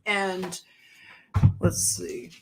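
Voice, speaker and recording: A woman hosting a live stream, talking slowly and musing through casual commentary with frequent restarts. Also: fairly low pitch, flat delivery, vocal fry, soft background music.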